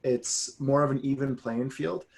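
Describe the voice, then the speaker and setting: A man chatting on a sports podcast in a loose, rambling way. His voice sits in an ordinary middle pitch. He gets animated as he wanders off on tangents. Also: unhurried, gravelly. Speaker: podcast co-host. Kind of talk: casual sports chat.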